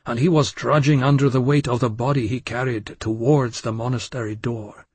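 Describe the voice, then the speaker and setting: Male narrator, husky, mid-pitched, measured and intense, dry close sound, for dark first-person audiobook narration. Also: no room sound.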